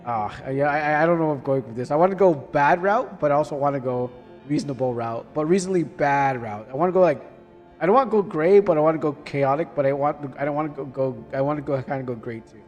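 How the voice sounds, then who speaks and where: A man commentating live on a game he plays, excitable and puzzled, swearing now and then. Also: on the high side, fast, faint music behind. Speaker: streamer.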